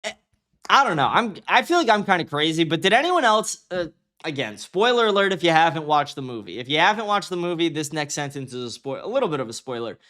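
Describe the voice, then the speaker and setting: A man's voice: on the high side, big pitch swings, fast talker, pushed and bright. A man hosting a livestream in casual commentary, talking in a loose, profane, rambling way and laughing at his own stories. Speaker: livestream host.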